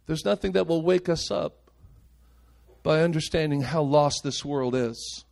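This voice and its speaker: A male pastor preaching a sermon with passion, moving between raised, urgent lines and quiet, hushed ones. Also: on the high side, a little slow, vocal fry. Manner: impassioned preaching, swinging between loud and hushed.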